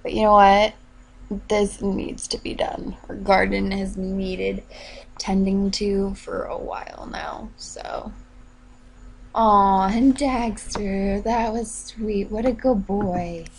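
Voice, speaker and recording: A woman's voice: mid-range voice, fairly even intonation, slow pace, husky, rough recording. A woman hosting a let's play video, chatting casually to viewers and coaxing her game characters along. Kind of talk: casual gameplay commentary.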